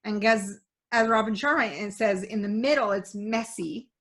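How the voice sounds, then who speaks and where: A woman's voice: medium pitch, measured pace, a bit bright. A woman hosting an interview show, speaking supportively with her guest. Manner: supportive, brief affirmations. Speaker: host. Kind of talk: interview conversation.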